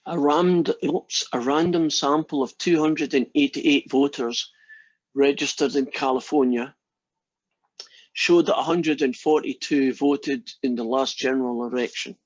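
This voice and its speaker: Man, math lecturer, chatty storyteller, husky voice, dull dry recording. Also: medium pitch, fairly even intonation, measured pace, no room sound. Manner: chatty storyteller, jokes with class. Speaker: math instructor. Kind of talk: lecture with a told joke.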